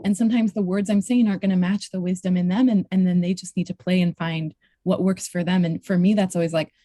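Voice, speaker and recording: A woman's voice: lowish voice, fairly even intonation, fast, mellow, dry recording. Reflective woman coach, podcast guest. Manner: reflective, searching for words, occasional swearing. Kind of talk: casual conversational interview.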